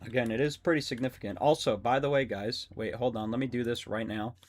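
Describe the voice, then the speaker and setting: A young adult man streaming a game, rambling and excitable, swearing often and talking to his chat. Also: mid-range voice, fast talker. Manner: talks to chat. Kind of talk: casual live-stream commentary while gaming.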